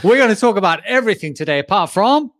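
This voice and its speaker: A man's voice: high voice, expressive, fast, a bit bright, no echo, clean studio sound. A man co-hosting a podcast in casual chat, joking around and throwing in mock sponsor plugs, on a remote call. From Spain. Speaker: podcast host.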